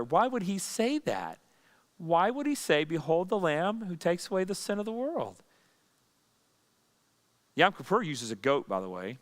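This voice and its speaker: A man's voice: fairly high pitch, fairly bright tone. A pastor leading a Bible study, teaching in a conversational way, asking and answering his own questions.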